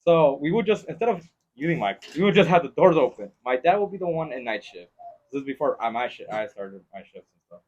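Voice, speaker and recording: A man hosting a podcast in casual chat, mixing English and as he tells animated stories. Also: on the high side, fairly quick, breathy edge. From Mexico-Texas border region. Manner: switches between English and Spanish, animated storytelling. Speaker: podcast host. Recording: lo-fi podcast recording.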